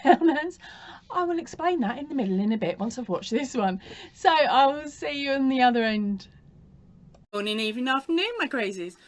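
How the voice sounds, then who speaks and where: A woman's voice: on the high side, poor audio. Chatty, giggly British woman vlogger. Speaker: crafting vlogger. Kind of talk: casual chat to camera.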